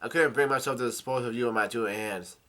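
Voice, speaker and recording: A man reading the lines of a stern, cold aristocratic father aloud from a comic, in a flat voice with halting restarts. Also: mid-range voice, lightly acted.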